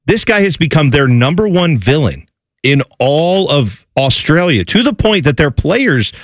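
Animated man chatting about sports. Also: on the high side, measured pace, dry recording, studio quality. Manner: chatty, explanatory, jokey asides. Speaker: sports talk show host. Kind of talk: casual sports talk chat.

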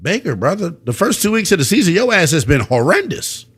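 Young male sports-talk host, animated and slangy, voice pitched a bit high. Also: a little fast, husky. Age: young adult.

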